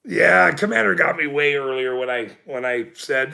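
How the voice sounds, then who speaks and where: Profane, gravelly, animated man ranting. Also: fairly high pitch, moderate pace. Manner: profane, laughing often, rambling. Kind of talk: angry ranting then casual chat.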